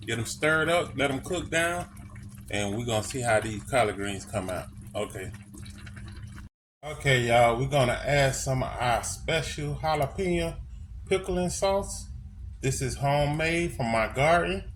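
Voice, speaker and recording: A man's voice: medium pitch, fairly bright tone. Folksy man cooking on camera. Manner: folksy, repeats phrases, addresses viewers as y'all. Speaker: cooking vlogger. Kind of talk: casual cooking demonstration. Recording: clear background noise.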